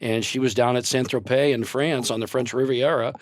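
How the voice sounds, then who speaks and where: A man's voice: medium pitch, fairly even intonation, a little fast, no echo. An older man, a guest on a podcast, telling long rambling stories in casual chat and laughing often.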